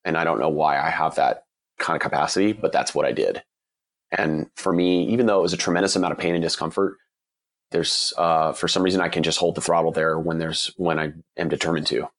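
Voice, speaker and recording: Very deep-voiced man, slightly husky. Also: steady tone, fairly quick. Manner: earnest, candid, with frequent restarts. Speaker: guest, endurance cyclist. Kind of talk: reflective interview answers.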